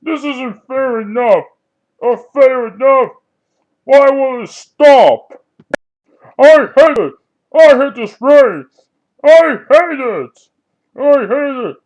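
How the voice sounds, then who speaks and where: A man's voice: extremely high pitch, lively intonation, slow, pauses often, darkish tone, lo-fi sound, exaggerated voice. A man voicing an impatient male watermelon in a homemade puppet story, whining and repeating himself. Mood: angry. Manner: whiny, repeats phrases over and over.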